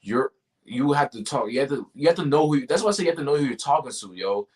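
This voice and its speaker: A man's voice: medium pitch, animated, quick pace, husky. A man being interviewed about his sales job, talking casually and animatedly, full of slang like "yo" and "bro". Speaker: guest, tech sales rep.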